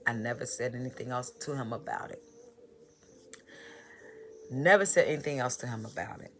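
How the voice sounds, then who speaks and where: A woman telling her personal story in a vlog, halting and repeating phrases in a heartfelt way. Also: very deep voice, a bit bright, a little hiss or hum. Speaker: motivational vlogger.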